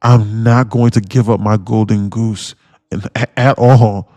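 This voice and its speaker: A man's voice: fairly low pitch, fairly even intonation, measured pace, a little mellow, no room sound, dull audio. A man livestreaming his day trading, ranting bluntly with lots of swearing and mocking his viewers. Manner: blunt, swearing, mocks viewers in put-on voices. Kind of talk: profane ranting livestream talk.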